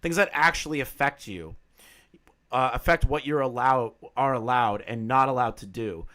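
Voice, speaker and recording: A man commenting casually on a live stream, excitable and mocking, with bursts of shouting. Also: medium pitch, normal speed.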